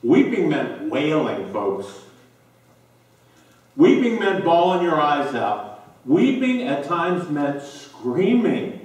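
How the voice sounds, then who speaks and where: A male pastor preaching a sermon, slow and emphatic with dramatic pauses, recorded in a church sanctuary. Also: on the high side, sing-song, a little mellow. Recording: very echoey church from a distance.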